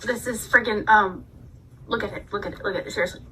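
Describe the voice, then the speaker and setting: A woman vlogger ranting in a casual, animated way, telling a story with dramatic asides. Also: mid-range voice, quick pace, distant mic, a little hiss or hum, rough recording. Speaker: book reviewer vlogger. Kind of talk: casual rant.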